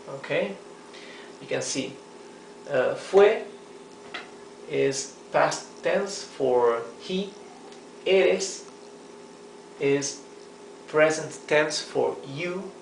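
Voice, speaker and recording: A man teaching a language lesson at a whiteboard, explaining patiently, checking in with "okay?" and "right?", and repeating words slowly. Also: fairly high pitch, lively intonation, gravelly, roomy sound, slight background noise, rough recording. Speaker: Spanish teacher.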